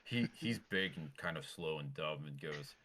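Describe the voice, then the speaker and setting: A man runs a tabletop game, narrating in a relaxed, chuckling way. His voice is deep yet bright and clear, and he often restarts his sentences. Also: moderate pace, a little hiss or hum. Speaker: game master.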